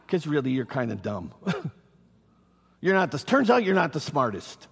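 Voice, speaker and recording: A man's voice: a little high, huge pitch swings, moderate pace, creaky, pauses often, breathy edge. A man preaching a sermon as pastor to his congregation, reading scripture aloud and speaking directly to the people. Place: church. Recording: reverberant hall.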